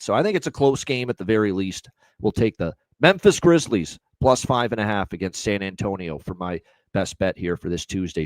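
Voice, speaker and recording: A low-voiced man walks through his betting picks in an unhurried, rambling way, packing his talk with filler phrases. The sound is dry, with no room echo. He turns brash and profane when he hypes the audience. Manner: profane hype in sign-offs. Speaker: sports betting show co-host. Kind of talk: casual betting talk on a livestream.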